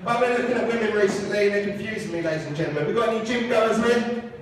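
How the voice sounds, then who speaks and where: Young comic doing stand-up, high voice, swears a lot, echoey club taped from far back. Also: male voice, fast talker. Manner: crude, swearing, mock-outraged punchlines. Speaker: stand-up comedian. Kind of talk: stand-up comedy set. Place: comedy club stage.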